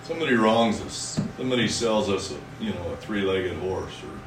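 A man preaching a sermon as pastor, folksy and conversational, reading scripture slowly and with emphasis. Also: on the low side, expressive, background noise. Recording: echoey room from a distance.

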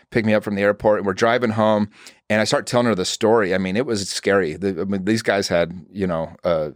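Earnest low-voiced man telling stories. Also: dry recording, clean studio sound. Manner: earnest storytelling, frequent "like" fillers. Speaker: podcast guest. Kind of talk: casual conversation.

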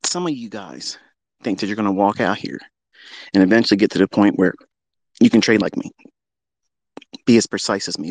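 On a trading livestream, a man rants brashly, boasting and cursing as he swings from loud outbursts to low muttering. The recording is dry.

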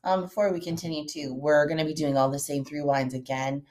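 A woman's voice: low voice, level tone, fairly quick, a little mellow. A woman co-hosting a podcast in casual chat, with dry, teasing banter. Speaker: podcast co-host.

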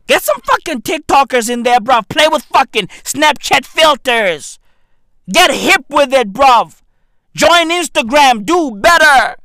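A man in his thirties rants to camera in a brash, profane comedic style. His pitch swings all over the place and he breaks into sudden shouts. He speaks at an unhurried pace, and the sound is close and dry. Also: dry recording. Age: 30s. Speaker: vlogger.

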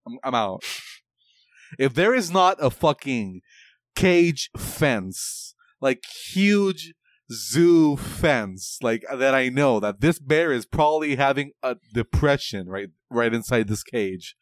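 A young man jokes through casual chat, swearing freely and stumbling over his words when excited. His voice sits at an ordinary pitch and sounds dry and close. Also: slow, dry recording. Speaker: podcast co-host.

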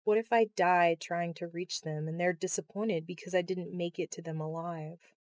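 A woman's voice: fairly low pitch, steady tone, moderate pace, no room sound, close to an everyday voice. A woman reading the part of a shy, anxious young woman astronaut who speaks hesitantly, in an audiobook. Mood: fearful. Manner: hesitant, nervous.

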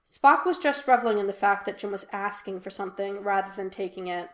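A woman reading a fan fiction audiobook in an even, unhurried storytelling voice. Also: mid-range voice. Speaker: podfic reader. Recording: echoey room.

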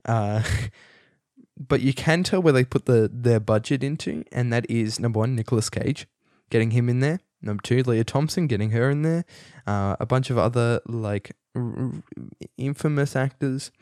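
A young man rambles through a casual film review, amused and loose, with plenty of fillers and false starts. His voice sits at an ordinary middle pitch. The sound is close and dry, with no room around it. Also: moderate pace, darkish tone, no echo. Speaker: movie reviewer.

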